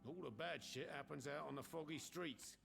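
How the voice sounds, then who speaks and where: An actor playing a gruff, world-weary male bartender in a video game, with a blunt, wry way of talking. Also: fairly high pitch, normal speed, fairly bright tone.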